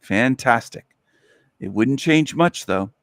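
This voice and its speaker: A man's voice: mid-range voice, expressive, measured pace, dry recording, clean studio sound. A man hosting a solo podcast, ranting with sarcasm and repeating phrases for emphasis. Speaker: host.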